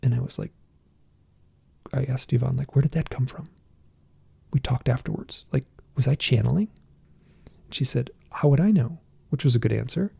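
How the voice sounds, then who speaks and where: A middle-aged man, a podcast guest, tells a personal story in a halting, intense way, with many restarts. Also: mid-range voice, vocal fry, mellow.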